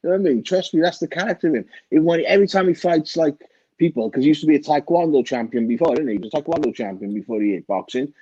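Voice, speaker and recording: A man's voice: a little high, expressive, very fast, warm tone, breathy edge, dry recording. A British man in casual chat, talking emphatically and hammering his points home with repeated reassurances. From Britain. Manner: emphatic, repeats "trust me, mate". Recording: dull lo-fi recording.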